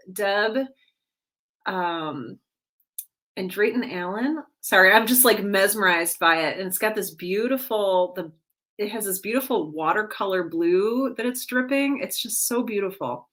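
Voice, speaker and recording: A woman's voice: a little high, a bit bright. A woman hosting a casual livestream from home, chatting and greeting viewers by name one after another. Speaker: livestream host. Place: at home with her cat.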